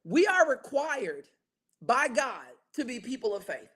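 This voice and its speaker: High-voiced, animated male Bible teacher. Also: measured pace, slightly rough. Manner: energetic, keeps checking in with listeners; leads call-and-response. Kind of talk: interactive Bible study sermon.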